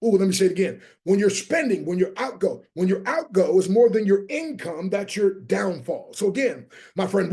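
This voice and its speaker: Preacher-like and emphatic, a man serving as guest motivational speaker at an online training session gives a business talk in a high, raised, dark-toned voice edged with gravelly fry. He lands each point hard, rallies listeners to answer, and spells out important words letter by letter.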